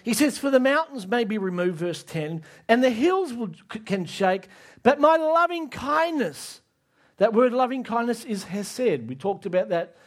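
Delivering an emphatic sermon a little slowly, this man has an extremely high and expressive voice. He questions his listeners directly and nearly shouts when he hits the important lines.

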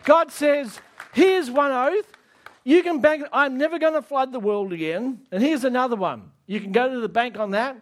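A man preaching a sermon, emphatic, asking the audience direct questions and rising to near shouts on key lines. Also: extremely high pitch, normal speed.

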